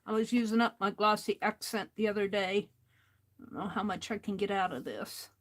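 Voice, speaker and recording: A woman hosting a craft livestream, thinking aloud in a slow, musing way as she works. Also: mid-range voice. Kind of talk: casual talk while crafting.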